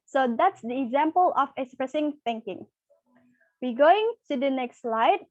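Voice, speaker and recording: High-voiced woman teaching, halting. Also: expressive, dry recording. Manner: halting, many fillers and restarts. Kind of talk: microteaching English lesson. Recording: dull, lo-fi dry recording.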